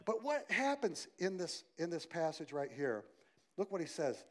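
A male pastor preaching a sermon, swinging from loud emphasis to quiet softness and asking the congregation direct questions. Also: high-pitched, expressive, normal speed.

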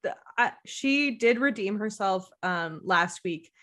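A woman's voice: medium pitch, lively intonation, slow pace, a bit bright. A woman hosting a podcast, chatting casually with lots of fillers and frequent laughter. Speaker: podcast host. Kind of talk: casual chat.

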